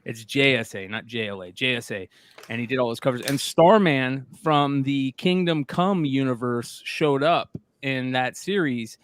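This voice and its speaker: A man's voice: medium pitch, moderate pace, a bit bright, a little hiss or hum. Rambling, chatty male stream host. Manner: rambling, chatty, lots of fillers. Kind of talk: casual chat.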